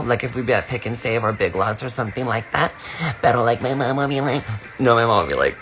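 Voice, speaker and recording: A young man chatting casually on a phone livestream, telling stories in a campy, profane way, with sudden high squeals when he quotes people. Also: a little fast, pushed and bright, faint music behind. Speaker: streamer on a live video. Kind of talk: casual storytelling chat.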